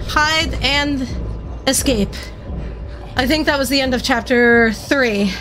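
A young woman with a high voice plays a horror game for her channel, reacting in a panicky rush while she talks in an unhurried way between scares. Game music plays clearly behind her. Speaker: gaming channel host. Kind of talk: let's play commentary.

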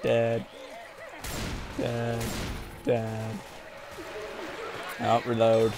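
A man's voice: mid-range voice, completely flat delivery, very slow, gravelly. A man giving casual let's-play commentary while gaming, joking and trash-talking as he plays. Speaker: gameplay commentator. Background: game music and gunfire.

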